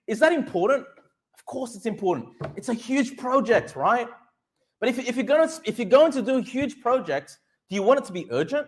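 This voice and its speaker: A middle-aged pastor preaching a sermon. He is emphatic, asks the congregation questions and answers them himself, and slows right down to stress Bible verses. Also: very high voice. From Australia.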